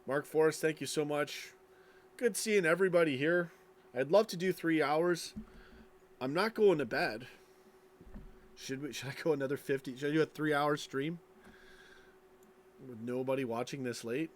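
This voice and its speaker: A man's voice: a little high, normal speed, long pauses. Sleepy rambling man streaming late. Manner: rambling, tired, trailing off. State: sleepy, yawning. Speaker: streamer reading live chat. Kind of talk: late-night casual live stream chat.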